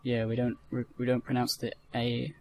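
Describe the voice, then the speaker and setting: A young man with an English accent in a casual podcast chat, jokey and rushing through his explanations. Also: mid-range voice, monotone, slight background noise.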